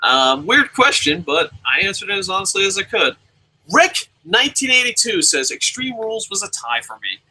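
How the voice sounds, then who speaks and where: A young man hosting a casual live review alone, reading viewer comments aloud and swearing freely as he jumps between loud outbursts and mumbled asides. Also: sits high, very animated, moderate pace, low-quality recording. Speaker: show host.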